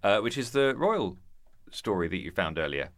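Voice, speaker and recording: English male writer guest, wry and dry, animated intonation, dead-dry sound. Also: on the low side, moderate pace, no echo. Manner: dry, hesitant with ums, wry asides. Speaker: political sketchwriter guest. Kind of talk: casual chat, reading news aloud.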